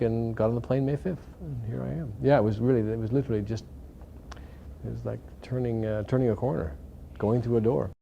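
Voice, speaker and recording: A man's voice: fairly low pitch, vocal fry, warm tone, slight background noise. A middle-aged man, an actor talking casually and reflectively in an interview, with many fillers and restarts. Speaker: actor interviewed about a film.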